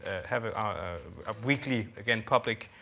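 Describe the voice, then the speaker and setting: Male analyst on a panel, bright tense tone, hesitant filler-heavy delivery. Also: lowish voice, lively intonation, normal speed, gravelly. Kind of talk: panel discussion talk.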